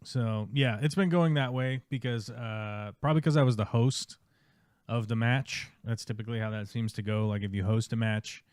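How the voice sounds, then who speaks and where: A man's voice: medium pitch, fairly even intonation, normal speed, a little mellow, clear, resonant tone, no room sound, clean studio sound. A male streamer giving casual, wry commentary while he plays a strategy game live.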